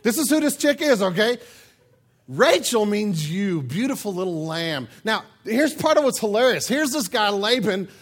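High-voiced man preaching with jokes. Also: moderate pace. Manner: joking, animated, conversational. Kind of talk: humorous sermon.

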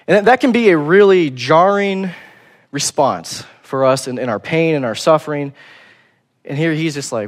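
A man preaching a sermon in a casual, conversational way, acting out quotes in a relaxed voice. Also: a little high, normal speed.

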